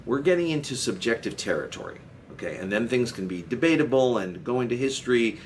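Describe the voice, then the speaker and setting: A man, a marriage and family therapist, explaining an idea in a relaxed conversational way and checking in often with "okay?" and "right?". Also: mid-range voice, fast, hardly any pauses. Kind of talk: solo explainer talk to camera. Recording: faint background noise.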